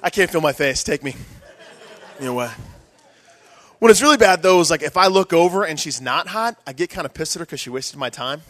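A fast-talking young man on a comedy club stage, rambling through a crude, self-mocking set. His voice sits a bit high for a man and tumbles quickly from one aside to the next. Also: animated, fairly bright tone. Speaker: stand-up comedian.

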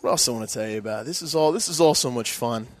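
A man's voice: medium pitch, quick pace, no echo. A young man doing a stand-up comedy set in a club, rambling, self-mocking and crude.

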